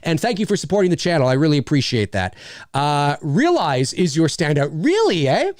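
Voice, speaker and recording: A man's voice: a little high, sing-song, brisk, a little mellow, no echo, studio quality. A man hosting a casual livestream, rambling enthusiastically and swearing freely as he reads viewer messages. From Canada. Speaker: livestream host.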